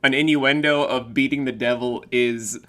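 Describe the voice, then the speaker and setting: A man's voice: medium pitch, steady tone, normal speed, sharp tone. A man hosting a casual online interview, chatty and joking, with frequent asides. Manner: joking, chatty, slips into comic voices. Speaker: interview host.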